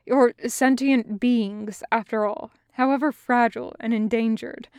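A woman voicing a gentle, guilt-ridden male alien captor in a hushed, quiet voice for an audio story. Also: a little high, fairly even intonation, measured pace, clean tone, no echo, clean studio sound. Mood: ashamed. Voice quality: soft, hushed. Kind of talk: podfic voice acting.

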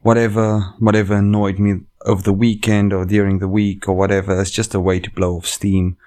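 A comedian and podcast host with a lowish, slightly mellow voice talks into a microphone at a brisk clip and with flat delivery. He chats casually and reads online stories aloud, rambling, swearing and constantly interrupting himself.

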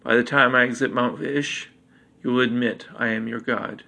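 A man voicing an arrogant boy god, cold and knowing, in a flat, measured delivery. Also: mid-range voice, gravelly. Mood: menacing.

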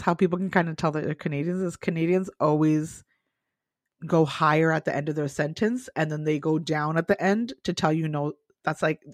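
A woman's voice: deep voice, dry recording, clean studio sound. A young woman co-hosting a podcast in casual chat, talkative, laughing often and swearing casually. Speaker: podcast co-host.

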